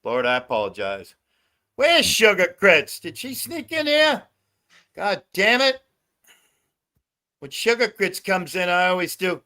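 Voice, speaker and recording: This livestream host's high, sharp-toned voice swings widely in pitch as he talks a little slowly, leaving long pauses. He rants casually, swears heavily, and laughs often.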